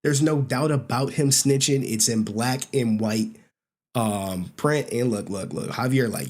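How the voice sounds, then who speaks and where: A man's voice: mid-range voice, expressive, measured pace, a little mellow, husky. A young man hosting a livestream, rambling casually with slang and swearing and laughing often. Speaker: livestream host.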